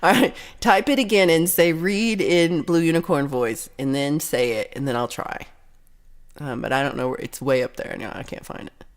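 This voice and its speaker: A woman's voice: low-pitched, normal speed. A woman hosting a casual livestream chat, reading viewer comments aloud and reacting with giggles and chatty asides. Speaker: livestream host.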